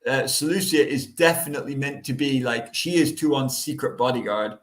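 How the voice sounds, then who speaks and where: A man's voice: medium pitch, a little fast, roomy sound. A man co-hosting a podcast, explaining a book's details in a confident, casual way. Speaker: podcast co-host. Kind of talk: casual chat explaining a book.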